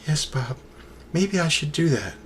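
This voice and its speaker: Brief: man doing a tearful, soft-spoken woman singer, meek and quiet. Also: a little high, very animated, a little slow, a little hiss or hum, pitched above the performer's own voice. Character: weepy, soft-spoken female pop singer.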